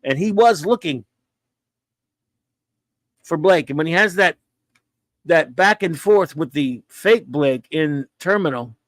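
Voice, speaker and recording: A man's voice: a little high, animated, slow pace, pauses often, no room sound. A man talking casually as a guest, rambling enthusiastically and acting out quoted dialogue. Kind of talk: casual chat.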